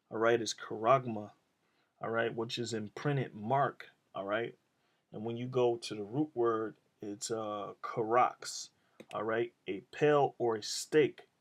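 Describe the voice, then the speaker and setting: A man giving informal scripture teaching as a phone voice memo while driving his car, rambling with many fillers and tag questions. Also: lowish voice. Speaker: religious teacher.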